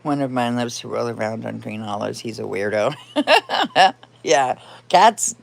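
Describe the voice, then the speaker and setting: A woman's voice: a bass voice, big pitch swings, unhurried, creaky. A woman hosting a casual live chat from home, rambling and laughing often, now and then cooing baby talk at her cat. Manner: rambling, chatty, frequent laughs. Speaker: livestream host.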